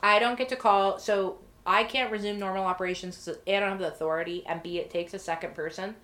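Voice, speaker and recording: A woman guest on a podcast, telling a work story in a casual, lively way, swearing freely and acting out what people said. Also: medium pitch, quick pace. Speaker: podcast guest, corrections treatment provider.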